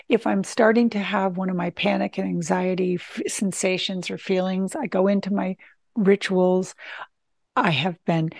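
A woman shares an earnest, heartfelt testimonial on her own channel. Her voice has a gravelly edge. The sound is dry and close, with no room echo. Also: medium pitch, a little mellow. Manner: earnest, heartfelt, with frequent restarts. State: tearful at times. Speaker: channel host. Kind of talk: emotional personal testimonial.

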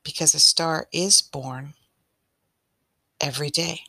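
A woman hosting a podcast as a spiritual coach, speaking in a slow, gentle, inviting way and reading a story aloud. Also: deep voice, steady tone, gravelly, no echo. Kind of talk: soft-spoken podcast talk and story reading.

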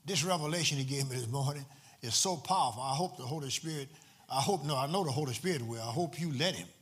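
A man's voice: medium pitch, fast. A man a sermon as pastor, repeating phrases for emphasis and drawing call-and-response from the congregation.

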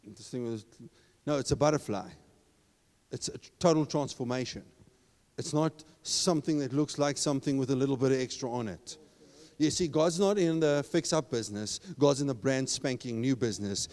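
A man preaching a sermon, talking casually and then building up to loud, emphatic exhortation. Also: medium pitch, brisk. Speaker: pastor. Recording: long reverb of a large hall.

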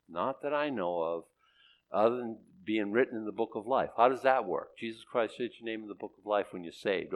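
A male pastor giving a conversational verse-by-verse sermon, animated, with sudden jumps in loudness, humorous asides and frequent restarts. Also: on the low side. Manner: frequent restarts and repeated words.

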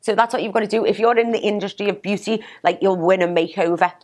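A woman's voice: medium pitch, fast talker, darkish tone. A woman with a Liverpool accent, a business owner talking as an interview guest in a direct, matter-of-fact way. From Liverpool, England. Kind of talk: casual interview chat.

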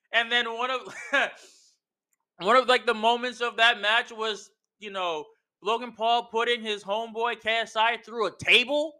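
Male podcast host with a clear, smooth, high voice, casual and emphatic, heavy on slang. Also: sharp tone. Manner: emphatic, slangy, repeats himself, says "bro" a lot. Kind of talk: casual wrestling opinion rant.

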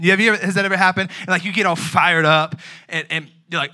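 A young man preaching a lively, conversational sermon to a youth group, full of slang and acted-out asides. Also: high-pitched, brisk. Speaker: youth pastor.

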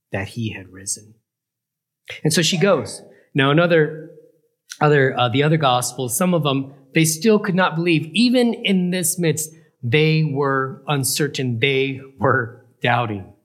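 Man, preacher, bible teaching, asks listeners questions, fairly high voice. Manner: retells scripture with questions to listeners.

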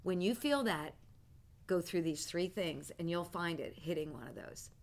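An older woman teaching a prophetic training class, telling a personal story and acting out her old thoughts with bursts of loud feeling. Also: on the low side, normal speed, creaky. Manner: animated storyteller, acts out her own past thoughts loudly. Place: classroom with students.

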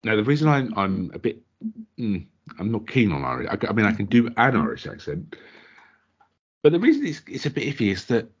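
A man's voice: lowish voice, wildly swooping pitch, a little fast, breathy edge. A man co-hosting a podcast, talking bluntly in short, clipped, dismissive sentences during a casual rant. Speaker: podcast co-host. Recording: dull lo-fi recording.

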